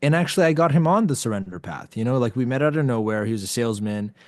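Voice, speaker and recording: A man speaks as a podcast guest, telling a personal story in a relaxed conversational way with a medium-pitched voice. He acts out the dialogue he quotes and often reaches for "like" as a filler. The recording is dry and close to the mic, with no room echo. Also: fast talker.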